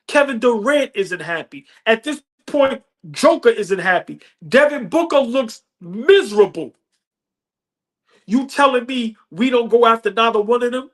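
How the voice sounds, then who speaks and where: A man's voice: very high-pitched, a bit bright. Fired-up man ranting about basketball. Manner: passionate, emphatic, repeats lines for effect; profane, slangy street talk. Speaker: sports podcast host. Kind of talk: fan rant about basketball.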